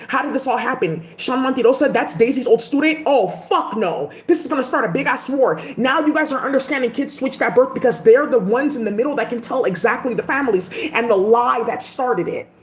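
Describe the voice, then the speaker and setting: A woman vlogger giving a casual, emphatic rant full of profanity. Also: high-pitched. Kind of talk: casual ranting commentary. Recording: echoey room.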